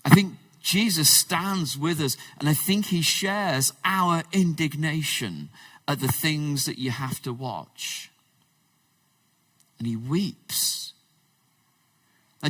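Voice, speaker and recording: A man preaching a conversational sermon, swinging between loud emphasis and hushed, low passages. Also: slightly rough, no room sound, far from the mic. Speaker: pastor. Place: church.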